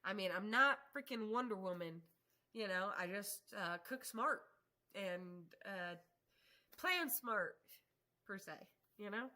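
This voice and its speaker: A woman's voice: medium pitch, lively intonation, takes it slowly, sharp tone. A woman hosting a casual live stream, chatting to viewers and reading their comments, laughing often and swearing casually. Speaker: livestream host. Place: home workshop.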